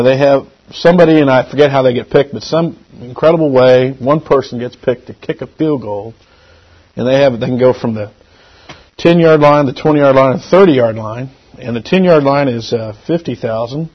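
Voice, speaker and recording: A middle-aged man giving a church lesson with anecdotes, talking conversationally and swinging between loud emphasis and quiet asides. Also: mid-range voice, normal speed. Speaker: lay preacher. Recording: dull lo-fi recording.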